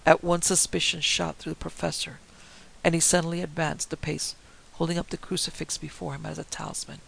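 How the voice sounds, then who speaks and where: A man narrating a story in a steady, theatrical manner. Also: fairly high pitch, fairly quick, creaky, rough recording. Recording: faint hiss.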